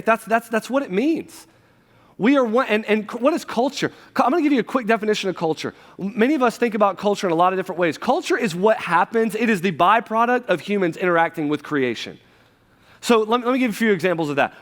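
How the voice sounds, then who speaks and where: Pastor guy preaching, kinda high voice, chatty asides, big churchy reverb. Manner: conversational preaching with quick asides and restarts. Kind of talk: sermon. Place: church sanctuary. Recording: long hall reverb from a church.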